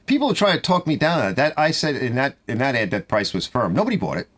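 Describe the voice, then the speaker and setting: A middle-aged man who runs a small-engine repair shop, telling rambling, exasperated stories about customers in a casual monologue from his garage. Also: fast. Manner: rambling, exasperated storytelling with animated pitch swings.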